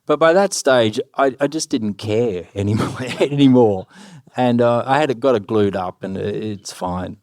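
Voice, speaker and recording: A middle-aged man telling anecdotes on stage, animated, swearing freely and acting out the lines of other people. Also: mid-range voice, normal speed, dry recording, clean studio sound. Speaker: guest musician. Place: live stage before an audience.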